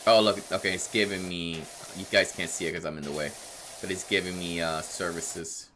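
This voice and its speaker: Man, 30s, streamer; chatty and rambling, bright tone, faint game sounds behind. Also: a little fast, slight background noise. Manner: rambling and chatty, laughs often, reads chat aloud; animated, jumps in pitch when excited. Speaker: livestreamer playing a game. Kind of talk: casual live stream chat.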